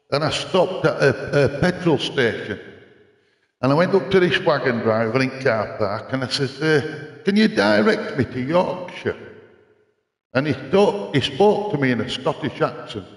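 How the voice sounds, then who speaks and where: A man's voice: medium pitch, expressive, moderate pace, reverberant, in a large hall. An older man, chatting casually on a live gaming stream, rambling into stories and answering his chat. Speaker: livestreamer. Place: home racing-sim rig room.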